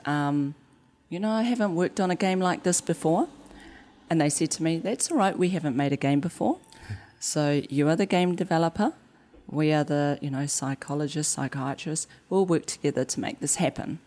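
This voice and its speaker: NZ-accented woman, low pitch, game developer guest, lively storyteller acting out quotes. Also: normal speed. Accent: New Zealand. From New Zealand. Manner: animated storyteller acting out quotes, laughs easily. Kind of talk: conversational interview.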